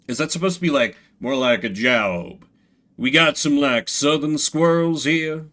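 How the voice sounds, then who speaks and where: A man's voice: on the high side, measured pace, bright, forceful tone. A man streaming as game master, voicing a solo tabletop game and chatting with amused asides.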